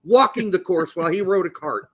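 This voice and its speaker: A man's voice: high voice, a little fast. A man in his fifties co-hosting a soccer podcast, joking crudely in casual chat. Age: 50s. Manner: animated, crude, jokey. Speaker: podcast co-host.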